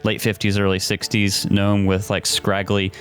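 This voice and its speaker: A man in a fairly low register runs a tabletop session. He describes the scenes loosely and talks in a meandering, unhurried way. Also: soft background music. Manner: relaxed, rambling with many fillers. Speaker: game master. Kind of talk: narrating a tabletop game.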